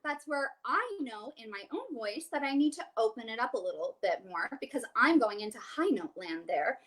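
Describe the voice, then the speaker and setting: A woman's voice: a little high, very animated, normal speed, a bit bright. A woman, a soprano, giving a vocal coaching session over a video call. She explains each exercise and then sings it, with a light, joking touch.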